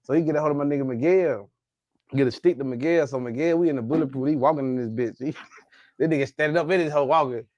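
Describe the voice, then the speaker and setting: A man's voice: on the high side, fast talker, darkish tone, no echo, lo-fi sound. A man with a Southern Alabama accent, telling a story as a guest in a casual interview, loose and slangy.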